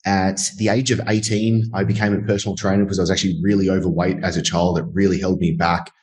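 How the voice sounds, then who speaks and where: Australian man, deep low voice, earnest and reflective, interview guest, thirties. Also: little pitch movement, fast, darkish tone, poor audio. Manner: earnest, reflective, frequent fillers. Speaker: podcast guest, business owner. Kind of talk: conversational storytelling interview.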